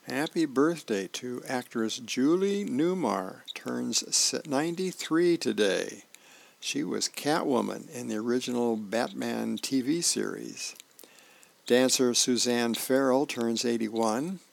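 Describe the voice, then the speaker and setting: A man, a volunteer reader, reading newspaper comics and birthdays aloud in a relaxed, homey way with small asides. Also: medium pitch, takes it slowly, vocal fry, no echo.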